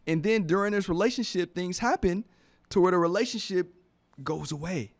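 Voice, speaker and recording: Earnest man with a slightly high voice. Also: moderate pace. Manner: earnest, heartfelt, repeats phrases for emphasis. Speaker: radio show host. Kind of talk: motivational radio talk. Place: radio studio.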